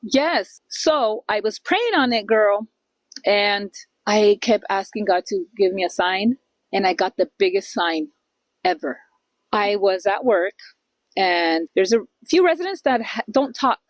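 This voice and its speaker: Middle-aged woman host, lively storyteller, plays out the voices in her story, dry close sound. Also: mid-range voice, a little slow, no room sound, rough recording. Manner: animated storyteller, acts out quoted voices, mixes in Spanish phrases. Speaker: podcast co-host. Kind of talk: casual storytelling chat.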